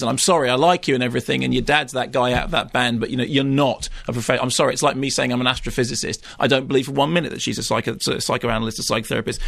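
A man reviewing films on a radio show, ranting rapidly and sardonically about a movie's flaws. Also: medium pitch, vocal fry, fairly bright tone, no room sound, studio quality. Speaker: film critic. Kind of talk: radio film review chat.

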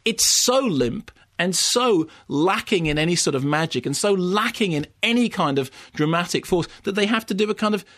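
A man giving a sardonic, animated film review, with mocking asides pitched high. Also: normal speed, hardly any pauses. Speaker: film critic.

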